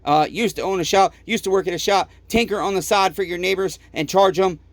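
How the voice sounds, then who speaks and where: A man's voice: sits high, brisk, dry recording. A tired, fed-up man who runs a small repair shop, ranting to the camera in his workshop and swearing constantly. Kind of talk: angry workshop rant to camera.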